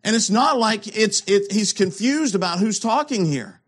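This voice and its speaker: A man preaching a sermon, asking rhetorical questions and swinging between loud emphasis and hushed lows. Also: expressive, normal speed, husky.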